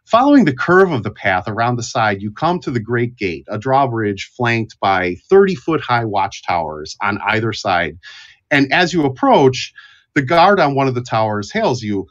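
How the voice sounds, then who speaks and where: A man's voice: medium pitch, sing-song, moderate pace, fairly bright tone. A man narrating as game master of a tabletop game, descriptive with fillers. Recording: dull lo-fi audio.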